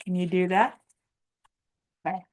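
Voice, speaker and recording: A woman's voice: lowish voice, steady tone, a little slow, darkish tone. A woman hosting a preschool morning lesson, coaxing young children through upbeat call-and-response chants. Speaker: children's show host.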